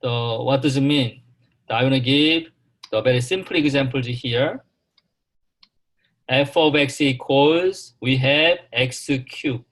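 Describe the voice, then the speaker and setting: A man teaching a calculus class, talking slowly and haltingly, repeating himself and putting questions to the students. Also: mid-range voice, a bit bright. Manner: slow, repetitive, halting, asks the class questions. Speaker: math instructor.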